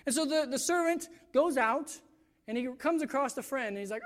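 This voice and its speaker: A man's voice: extremely high pitch, moderate pace, in a large hall. A man preaching a chapel sermon, telling a story earnestly and often restarting his sentences. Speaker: student chapel speaker.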